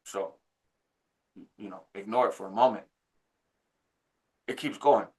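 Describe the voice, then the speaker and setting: A man in his forties casually telling a story about his past, jumping higher in pitch when he acts out what others said. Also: measured pace. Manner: animated, jumps higher when quoting others; laughs between phrases, frequent "right?". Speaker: channel host recounting prison life.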